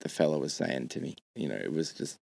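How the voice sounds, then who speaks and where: A man hosting a casual podcast interview, talking in halting, hesitant bursts with plenty of restarts. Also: extremely low pitch, expressive, gravelly, darkish tone, no room sound. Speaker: podcast host.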